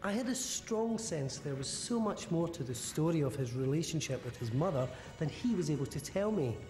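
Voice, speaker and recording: Measured, higher-voiced psychic narrator. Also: male voice, a little mellow. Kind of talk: documentary narration and counselling talk.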